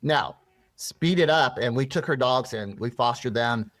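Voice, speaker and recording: A man's voice: mid-range voice, unhurried, fairly bright tone, no room sound. A man being interviewed, earnestly telling a personal story with many restarts and rambling asides. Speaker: interview guest.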